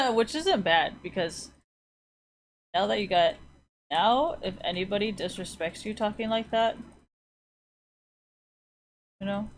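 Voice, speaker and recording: A woman's voice: medium pitch, animated, slow, long pauses, slight background noise. A woman streamer chatting casually with her viewers while playing a video game, teasing, laughing and swearing bluntly.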